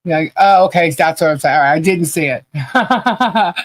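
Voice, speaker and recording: A woman hosting a live podcast stream and reading the chat, chatty and halting, laughing often. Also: on the low side, expressive, dry recording, low-quality recording.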